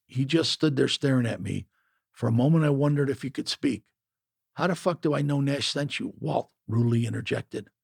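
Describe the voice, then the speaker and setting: A man's voice: medium pitch, creaky, husky, dry recording, clean studio sound. A man narrating a first-person memoir in a gritty, matter-of-fact way.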